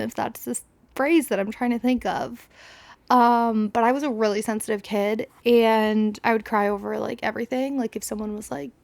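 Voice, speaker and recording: Chatty young woman, gravelly fry. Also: a little high, no room sound. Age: 20s. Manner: chatty, filler-heavy, self-deprecating. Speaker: podcast host. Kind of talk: casual solo storytelling.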